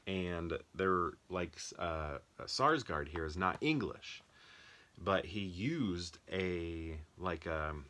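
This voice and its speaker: A man's voice: deep voice, lively intonation, very slow, sharp tone. A young American man chatting casually about his movie collection, thinking aloud with lots of ums and restarts. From United States. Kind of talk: casual rambling commentary.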